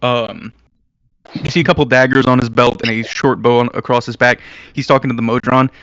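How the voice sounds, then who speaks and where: A man's voice: medium pitch, flat delivery, brisk, a bit bright, no room sound, muffled recording. A man narrating as game master in a casual, filler-heavy way.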